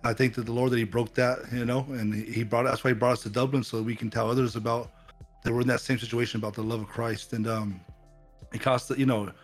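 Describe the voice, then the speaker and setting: A man who pastors talks quickly and earnestly in a relaxed faith conversation. He often stumbles and repeats words as he works toward his point. Soft music plays faintly underneath. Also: mid-range voice.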